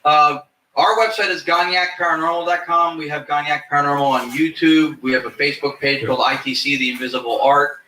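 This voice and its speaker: A man's voice: a little high, fairly even intonation, fairly quick, bright, forceful tone. A man who investigates the paranormal, explaining his theories at length with joking asides in a live interview at a fair. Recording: echoey, distant from the mic, faint noise.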